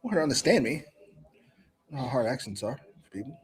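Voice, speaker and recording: A man's voice: medium pitch, big pitch swings, brisk. A man co-hosting a wrestling review, giving sarcastic, opinionated commentary in casual chat and swearing freely.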